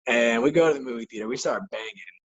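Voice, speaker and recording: Bright husky young guy telling a story. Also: mid-range voice, quick pace, highs cut off. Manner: loose, profane, heavy use of filler words; animated anecdote telling. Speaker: guest, hockey player and rapper. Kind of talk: casual storytelling in a podcast interview.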